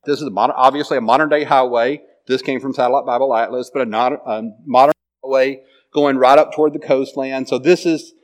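A man teaching a Bible class from slides in a classroom, talking casually and quizzing his students with questions. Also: medium pitch. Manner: conversational, asks the class questions.

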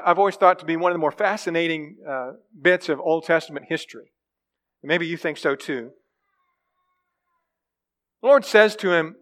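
A man with a high voice preaching a sermon. He reads scripture aloud and then talks it through in a conversational way, asking his listeners questions. His voice rises and drops as he goes. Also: fairly bright tone. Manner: reads scripture then explains, voice rising and dropping.

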